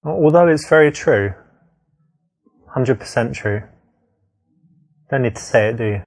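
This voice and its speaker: A man's voice: medium pitch, lively intonation, unhurried, vocal fry, a little mellow. A man giving frank, matter-of-fact commentary as a dating coach, explaining what went wrong. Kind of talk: instructive commentary.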